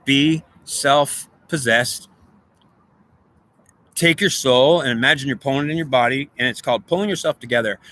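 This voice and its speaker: A man's voice: on the high side, bright, forceful tone. A man in an unscripted monologue, rambling in a stream of consciousness and arguing back and forth with himself. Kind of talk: guided visualization.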